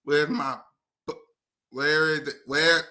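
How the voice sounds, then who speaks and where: A man hosting a casual sports livestream, shouting out viewers by name in a hyped, chatty way, a little out of breath. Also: fairly high pitch, fairly even intonation, slow pace. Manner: hypes viewers, shouts out names. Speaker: host.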